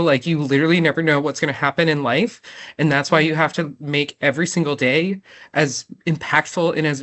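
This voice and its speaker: Her deep voice carries a bit of brightness as this woman in her thirties, an interview guest, speaks from the heart on the verge of tears. The conversation is emotional, and she leans on "like" and "right?" often.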